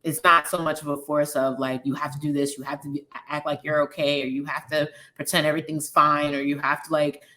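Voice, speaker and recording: A woman's voice: sits low, brisk, hardly any pauses. A Liberian American woman in her thirties, a guest candidly telling her personal story, acting out quoted dialogue. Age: 30s. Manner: open, frank, animated retelling with quoted dialogue.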